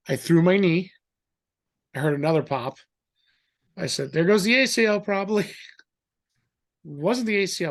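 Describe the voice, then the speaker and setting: Chatty man telling a story. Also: on the high side. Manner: animated, acts out quoted voices; rambling with fillers and restarts. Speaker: guest. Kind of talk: casual storytelling.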